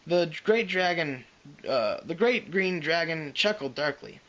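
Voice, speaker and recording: A man reading fan fiction aloud, expressive and dramatic, with occasional slips and restarts. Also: on the high side, a little slow, poor audio. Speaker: reader.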